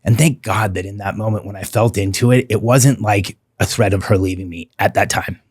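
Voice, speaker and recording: A middle-aged man speaks as a podcast guest in a low, husky voice, earnest and heartfelt. He slows down to press on the words that matter. The sound is close and dry, with no room around it. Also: fairly even intonation, no echo. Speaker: podcast guest, relationship coach. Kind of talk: candid interview talk.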